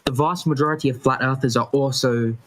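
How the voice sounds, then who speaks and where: A man's voice: mid-range voice, fairly even intonation, fairly quick, fairly bright tone, a little hiss or hum. A man arguing his side in a heated debate, hesitant and stammering, and defensive when pressed. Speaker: guest debater.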